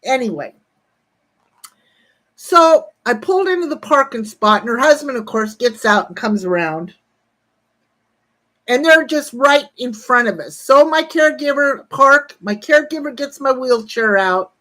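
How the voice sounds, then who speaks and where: A woman's voice: high-pitched, expressive, measured pace, a bit bright. Woman in her sixties, rambling and profane. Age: 60s. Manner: breaks off to greet chat viewers. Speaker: livestreamer. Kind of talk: casual livestream chat.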